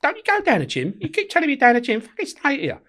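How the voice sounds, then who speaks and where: A man doing a cocky male prison inmate, coarse and given to swearing. The voice jumps well above a normal speaking pitch and swings widely, eager and pleading. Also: wildly swooping pitch, quick pace, a bit bright, exaggerated voice.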